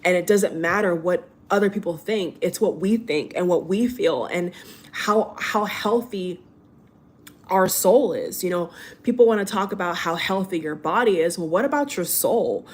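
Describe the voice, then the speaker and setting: Lowish woman's voice, late 20s, spiritual channel host, earnest and emotional, keeps repeating herself. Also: moderate pace, husky. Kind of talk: heartfelt personal monologue.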